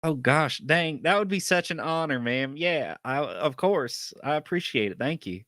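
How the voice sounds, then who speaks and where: Guy playing a shy farm-boy boxer, folksy drawl, higher than his own voice, stammery, bright sound. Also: expressive, normal speed, dry recording, studio quality. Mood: bashful. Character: shy bashful young farmhand boxer, man.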